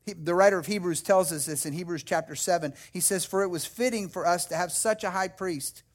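Guy preaching in church, pretty high voice, earnest, acts out quotes and prayers, restarts his words a lot. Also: brisk. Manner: repeats and restarts phrases while preaching. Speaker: pastor. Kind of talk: sermon.

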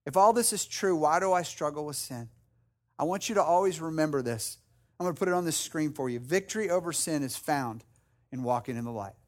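A male pastor delivers a sermon in a notably high voice. He speaks earnestly, slipping into little acted-out prayers and conversations. He often restarts and repeats phrases as he goes. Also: expressive, brisk, a little mellow. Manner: earnest, acts out quoted prayers and dialogue.

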